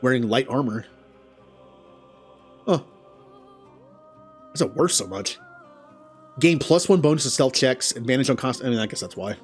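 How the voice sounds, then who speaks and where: A man's voice: mid-range voice, expressive, moderate pace, pauses often, soft background music. A man hosting a let's play, thinking aloud about his moves with chuckles and self-deprecating remarks. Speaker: gaming channel host.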